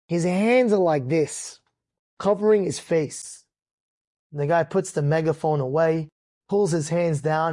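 High-voiced, animated storytelling rabbi. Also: male voice. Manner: animated and dramatic, acts out the characters, rises to shouts at peaks. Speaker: rabbi telling an inspirational story. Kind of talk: storytelling sermon.

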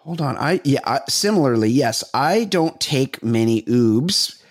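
A man's voice: medium pitch, expressive, a little slow, dry recording, studio quality. A man co-hosting a comedy podcast, telling rambling, profane stories full of restarts in casual chat. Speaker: podcast co-host.

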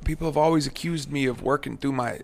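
Gravelly man musing thoughtfully. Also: mid-range voice. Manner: reflective, halting with repeated restarts. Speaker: musician guest. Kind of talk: casual conversation.

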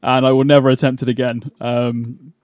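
A man's voice: mid-range voice, flat delivery, normal speed, a little mellow, no room sound. UK man hosting a wrestling chat show, rambling and chatty, dry close sound. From United Kingdom. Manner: chatty, rambling, many fillers and restarts. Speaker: podcast host. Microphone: remote call setup.

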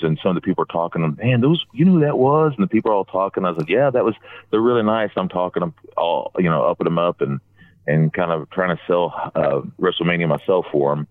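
A man telling a long, rambling story in casual chat, getting animated whenever he quotes other people. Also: low voice, fast talker, dry recording. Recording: tinny phone line.

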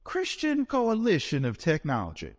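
A man voicing a polite, eager church lady caller with a Southern accent and a sweet, high, sing-song voice. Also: huge pitch swings, moderate pace, full character voice. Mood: sweetly polite. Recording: long hall reverb.

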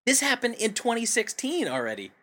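A man's voice: very high-pitched, wildly swooping pitch, a little fast, sharp tone. A man co-hosting a comedy podcast, telling odd news stories in a dry, casual way. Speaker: podcast co-host.

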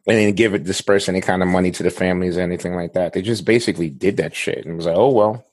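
A man's voice: low-pitched, steady tone, racing, no echo. A man co-hosting a podcast, talking bluntly and casually with frequent swearing. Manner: blunt, swears freely, laughs often. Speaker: podcast co-host.

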